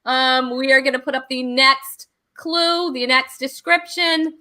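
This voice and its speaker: A bubbly woman hosts a casual online talk show, running a trivia game and laughing often. Her voice sits high and sounds bright and sharp. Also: flat delivery, a little slow. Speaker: host.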